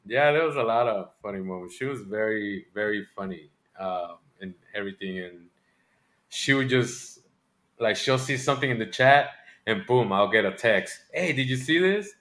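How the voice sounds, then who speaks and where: A man's voice: fairly low pitch, normal speed, fairly bright tone. Rambling man laughing through a story. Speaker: streamer guest. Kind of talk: casual group call chat.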